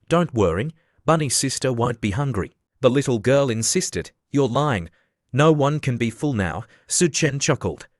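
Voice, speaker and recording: A man's voice: mid-range voice, no room sound, studio quality. A man narrating an anime recap and reading every character's lines in much the same voice. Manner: reads all dialogue in the same near-flat voice.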